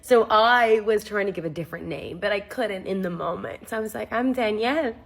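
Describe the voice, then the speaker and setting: A woman's voice: medium pitch, fairly quick, vocal fry. A young woman animatedly telling a funny, jokey personal story in a casual storytime style. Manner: animated, jokey, swears freely.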